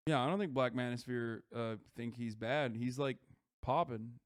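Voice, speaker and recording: A man reacting to a video on a live stream in casual commentary, rambling and profane with quick asides. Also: mid-range voice, dry recording, studio quality.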